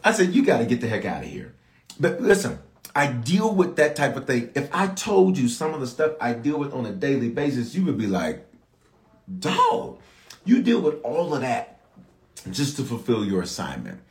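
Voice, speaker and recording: A man's voice: mid-range voice, moderate pace, reverberant. A man preaching a sermon as bishop, calling out to his congregation for response. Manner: animated, calls out to the congregation for response.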